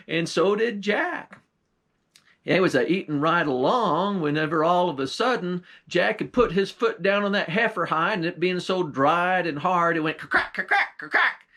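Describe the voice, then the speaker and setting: A man's voice: fairly high pitch, measured pace, fairly bright tone. A man telling a folktale in a folksy, old-time way. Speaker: storyteller. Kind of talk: folktale storytelling.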